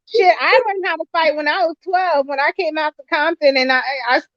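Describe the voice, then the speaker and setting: A woman's voice: high voice, a little fast, no echo. A woman guest on a casual panel chat, talking bluntly and swearing as she tells stories. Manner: blunt, animated storytelling, swears. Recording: dry dull lo-fi call audio.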